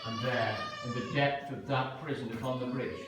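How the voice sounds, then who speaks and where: A man voicing a stern old male judge, delivering a death sentence slowly and solemnly. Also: mid-range voice, steady tone, heavy reverb, recorded from a distance, over music, natural voice, rough recording. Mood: grave.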